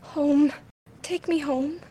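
A high, sobbing young woman's voice , as a female narrator puts her on, stammering out slow, broken phrases. She sounds frightened and lost, a little distant from the mic. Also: fairly even intonation, mellow, a little hiss or hum. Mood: desperate.

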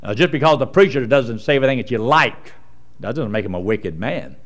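A man preaching a sermon in a folksy way, going from loud emphasis to quiet asides. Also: medium pitch, expressive, brisk.

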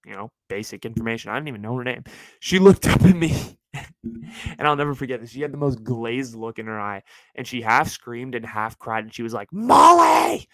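A man in his twenties from California, telling a story on his podcast in an animated, chatty way. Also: mid-range voice, brisk, dry recording, low-quality recording. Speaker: podcast host.

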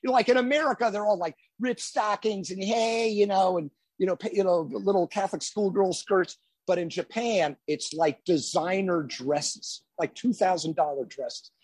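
A man, a guest musician, telling a road anecdote in a casual, animated storytelling manner. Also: high voice, moderate pace, hardly any pauses, husky, no echo.

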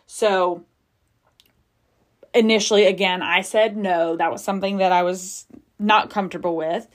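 A woman's voice: mid-range voice, fairly even intonation, normal speed. Give me a frank, confessional woman podcast host who swears freely and chats loosely. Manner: chatty with many fillers. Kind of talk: candid personal monologue.

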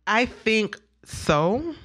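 A woman tells stories about her family in a bright, clear voice. She talks casually and animatedly, often acting out the words of others. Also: fairly high pitch, extremely slow. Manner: animated storyteller, laughs often, acts out her son's words. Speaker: guest, mother. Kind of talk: casual conversation.

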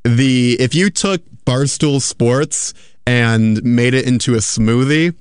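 Dude riffing jokes on a podcast, rambly, laughs a lot, dry close mic. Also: male voice, mid-range voice, slow pace, clear, resonant tone, no room sound. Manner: rambling, joking, laughs often. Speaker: podcast co-host. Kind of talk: casual comedic chat.

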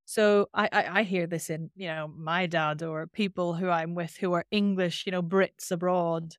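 A woman with a Northern Irish accent and a nasal twang, a voice coach explaining things in an interview with lively demonstrations. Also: fairly low pitch, normal speed, no echo, clean studio sound. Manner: animated, demonstrates with sung-out sounds.

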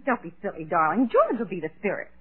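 A woman's voice: medium pitch, wildly swooping pitch, fast talker. Breezy, sing-song lady ghost on an old tinny radio show. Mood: teasing. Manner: teasing, coaxing, breezy. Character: playful mischievous female ghost. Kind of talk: 1940s radio comedy acting.

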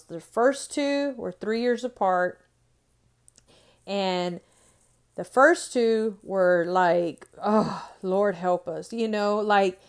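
A middle-aged woman tells a family story conversationally, then turns to an earnest devotional message. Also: mid-range voice. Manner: conversational, animated storytelling turning earnest and exhortative. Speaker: mother and devotional speaker.

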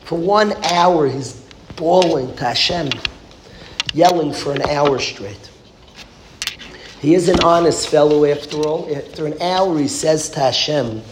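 A man, a rabbi, telling a story as a sermon, repeating phrases and swinging between hushed and loud. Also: fairly high pitch, measured pace. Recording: echoey room with background noise.

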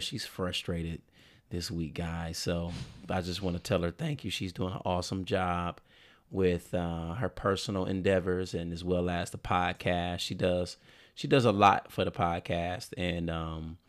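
A young man co-hosting a podcast, chatting in a laid-back, rambling way and laughing often. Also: deep voice. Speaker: podcast co-host. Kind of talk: casual chat.

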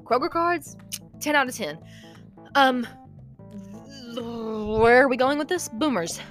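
Young woman, casual vlog, animated rambling, slightly breathless, lively higher pitch, faint music behind. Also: slow pace. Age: young adult. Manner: animated, rambling, lots of "okay?" and "like". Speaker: vlogger.

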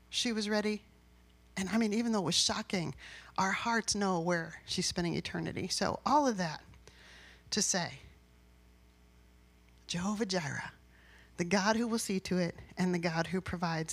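A woman's voice: medium pitch, husky. A woman pastor giving a sermon in a personal, conversational way, rising into emphatic bursts.

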